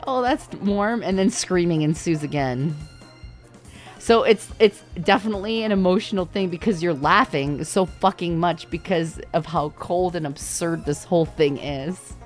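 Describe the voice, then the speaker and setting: A woman livestreamer telling a story in a casual way, laughing often and swearing freely. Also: lowish voice. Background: faint background music.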